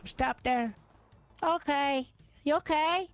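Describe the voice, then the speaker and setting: A woman's voice: high voice, slow pace, no room sound, highs cut off. A woman roleplaying in a video game, teasing and sarcastic as she trades jabs. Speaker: roleplay player.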